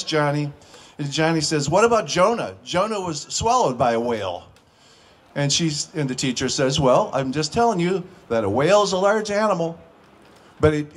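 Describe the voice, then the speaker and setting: A man telling short stand-up jokes in a folksy way, with filler pauses and restarts. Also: fairly high pitch. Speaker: comedian.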